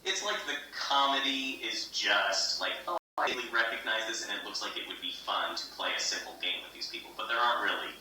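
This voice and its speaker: A man's voice: lowish voice, brisk, pushed and bright. A man guesting on a livestream chat, thoughtful with laughing asides. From United Kingdom. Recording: echoey room, distant mic, faint noise.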